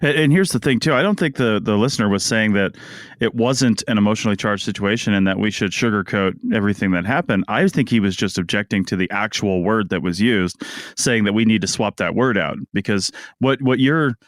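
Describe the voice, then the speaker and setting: A man's voice: lowish voice, fairly quick, dry recording, clean studio sound. A man co-hosting a podcast, making his point conversationally and checking in with his listener often. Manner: conversational, keeps asking "you know what I mean". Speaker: podcast co-host. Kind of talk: casual podcast discussion.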